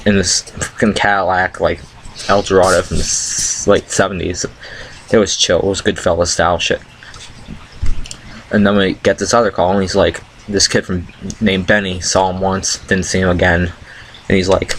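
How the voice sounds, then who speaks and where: Low-voiced young man rambling a story. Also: little pitch movement, normal speed, slight background noise, low-quality recording. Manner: loose, profane, laid-back, with many restarts and loud quoted voices. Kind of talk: rambling casual anecdote.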